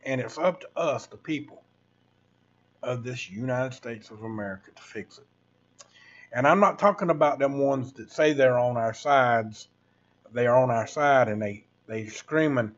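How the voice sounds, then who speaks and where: A man's voice: medium pitch, animated, normal speed. Sixties male streamer, rambling preachy rant over a muffled computer mic. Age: 60s. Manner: rambling, preachy, addresses viewers as folks. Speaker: livestream host. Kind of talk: casual livestream rant.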